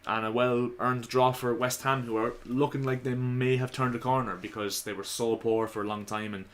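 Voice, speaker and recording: A man giving casual, opinionated football commentary to his viewers, slightly hoarse. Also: medium pitch, steady tone, normal speed. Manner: chatty, opinionated, addresses viewers as lads. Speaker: football vlogger.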